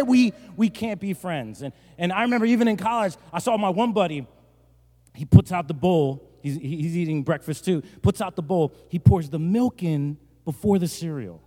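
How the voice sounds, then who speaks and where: A male pastor from New Jersey preaching a sermon, telling a joking story and rising to loud, emphatic bursts. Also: sits high, lively intonation, moderate pace. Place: large church hall. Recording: long church-hall reverb.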